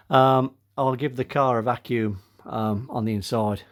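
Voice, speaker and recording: An older man, out of breath, narrates his own car repair for a casual workshop vlog as a car restoration vlogger. His mid-range voice keeps fairly even intonation at a measured pace, and he chats with many "uh"s while calling viewers "guys."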